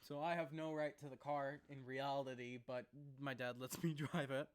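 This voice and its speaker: A young man vlogging casually into a laptop mic, rambling and laughing as he talks, sometimes rushing and sometimes slowing down. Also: medium pitch, steady tone, smooth. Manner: rambling, laughs often, jumps between fast and slow. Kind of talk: casual to-camera vlog.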